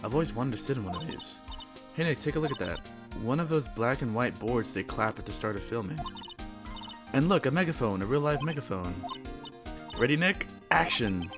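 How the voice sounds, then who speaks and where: Man doing a bouncy, excitable young girl sidekick, slightly raised pitch, playful and eager, game music playing underneath. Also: a little fast, lightly acted. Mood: excited.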